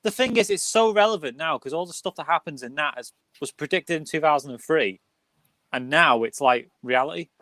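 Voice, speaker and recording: Higher-voiced jokey man. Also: lively intonation, brisk, a bit bright. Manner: jokey and sweary, teasing. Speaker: livestream host. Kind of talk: casual livestream chat.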